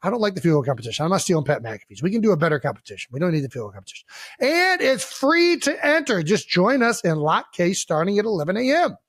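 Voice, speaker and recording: A high-pitched man from Ohio riffs loudly through podcast banter, swearing freely and joking between segments. His voice sits close on a dry studio mic with almost no room sound. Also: sing-song, fast talker, no echo. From Cleveland Heights, Ohio. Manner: loud, profane, joking. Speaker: podcast co-host.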